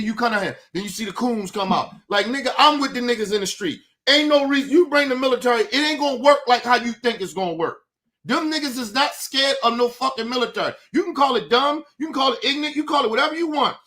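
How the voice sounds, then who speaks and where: A man's voice: very high-pitched, expressive, fast talker, sharp tone. A male streamer hosting his show, ranting in a profane, combative and taunting way. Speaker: host. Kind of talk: livestream commentary rant.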